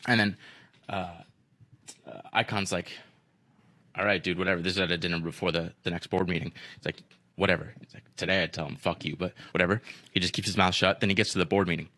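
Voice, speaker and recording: A man with a low, bright and forceful voice talks loosely through a story on a podcast. He swears freely, leans on "like" and acts out what people said. The delivery is relaxed, casual chat. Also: quick pace. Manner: loose and profane, heavy use of "like", acts out quotes. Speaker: podcast co-host.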